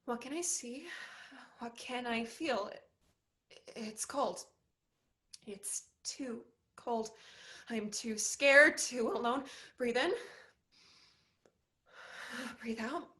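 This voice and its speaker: A young woman acting a dancer who talks herself through panic in a stage play, slow and breathless. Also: fairly high pitch. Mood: panicked.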